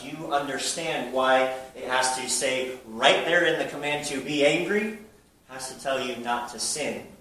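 The pastor's voice is medium in pitch and fairly bright as he preaches with emphasis to his congregation, leaning heavily on rhetorical questions. It was captured from far off in a very reverberant church sanctuary, with faint noise present.

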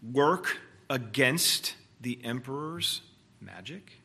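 A man voicing a grave, noble male lion king in a slow, measured way. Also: mid-range voice, expressive, pushed and bright, heavily acted.

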